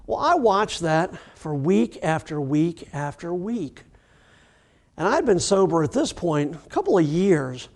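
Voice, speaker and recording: A middle-aged man, a recovery doctor, telling a personal story in a lively, self-mocking way and acting out the dialogue. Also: a little high, unhurried. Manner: animated storyteller who acts out dialogue. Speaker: addiction recovery doctor giving a talk.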